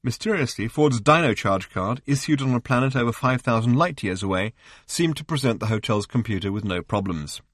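A man's voice: mid-range voice, animated, brisk, a bit bright, no echo. Dry, close male audiobook narrator. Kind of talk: scripted narration.

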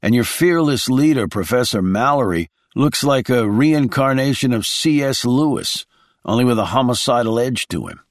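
A man's voice: mid-range voice, animated, normal speed, no echo, studio quality, voice pushed up, close to an everyday voice. A man playing a blunt, cool male security operative who delivers clipped critiques. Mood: cold.

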